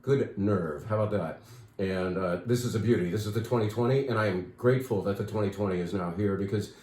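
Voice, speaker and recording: Chatty low-voiced man in an echoey room. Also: a little fast, a little mellow. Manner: chatty, enthusiastic, with fillers and asides. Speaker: wine shop host. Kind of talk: casual product talk.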